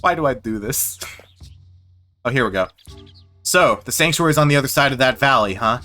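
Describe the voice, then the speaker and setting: A man giving casual, rambling commentary while streaming a game, self-deprecating and quick to swear. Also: medium pitch, lively intonation, sharp tone, faint music behind.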